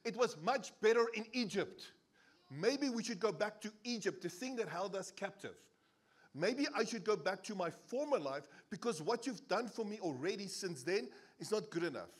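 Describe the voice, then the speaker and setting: A man with a South African accent voicing ungrateful desert wanderers who whine and complain in slow, drawn-out moans. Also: high voice, expressive, pitched above the performer's own voice. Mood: whining.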